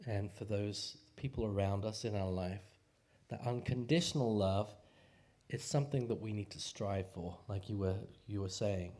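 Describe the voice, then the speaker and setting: A man speaks in a lowish voice, at an unhurried, leisurely pace. He gives a relaxed, joking sermon, with frequent fillers and restarts. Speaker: speaker at a spiritual community service. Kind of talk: casual sermon talk.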